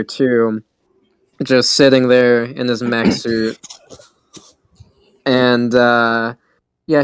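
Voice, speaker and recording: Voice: medium pitch, dry recording. A game master narrating a tabletop role-playing game, hesitant with fillers and frequent laughs.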